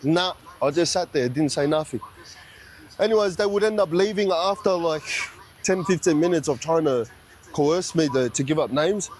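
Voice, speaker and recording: A man tells his own story in an even, matter-of-fact way. His voice sits fairly high for a man, and a faint noise hums behind him. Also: normal speed. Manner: low-key, matter-of-fact telling. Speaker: storyteller in an interview clip. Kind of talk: recounting a personal story.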